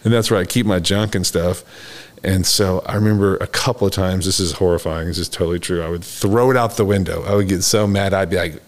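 Deep-voiced older man telling his story. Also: steady tone, a little fast. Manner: candid, rambling, acts out quotes in a raised voice. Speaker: podcast host. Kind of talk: casual storytelling chat.

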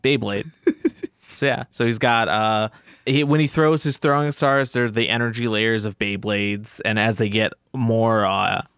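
A man's voice: lowish voice, steady tone, a little slow, a bit bright, smooth, dry recording, studio quality. A man, a tabletop game player, casually explaining his character, sheepish and laughing as he talks. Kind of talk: casual chat introducing a character.

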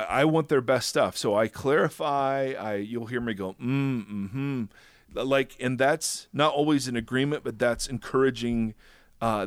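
A male podcast host talks in a casual, joking way, often restarting his sentences. His mid-range voice sounds dry and close, without any room echo. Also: mid-range voice. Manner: chatty, joking, with quick restarts.

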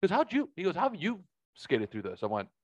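A man's voice: on the high side, big pitch swings, fast, no room sound, dull audio. A man telling a story in a casual podcast chat, profane and heated.

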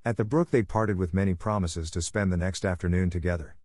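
A man giving measured storybook narration for English learners. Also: low voice, darkish tone, no room sound, studio quality.

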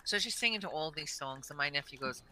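A woman's voice: low voice, expressive, fast talker, pushed and bright, slight background noise, low-quality recording. A woman telling blunt, swearing stories in casual chat, laughing along.

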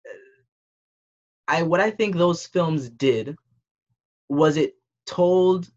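A young man from the Caribbean talking through his thoughts in a casual discussion, pausing and restarting as he goes. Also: on the high side. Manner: reflective, thinking aloud with restarts. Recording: dull, muffled audio.

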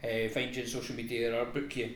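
A man hosting a podcast, closing the interview in a relaxed way. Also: medium pitch, quick pace, roomy sound. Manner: brief backchannel, wrapping up. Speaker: podcast host. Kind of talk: casual interview.

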